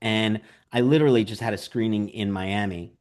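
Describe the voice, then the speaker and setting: A man's voice: fairly low pitch, normal speed. A man, a documentary director, being interviewed and telling stories animatedly, full of "like" and "you know". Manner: animated storyteller, acts out quotes; frequent "like" and "you know" fillers. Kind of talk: interview conversation.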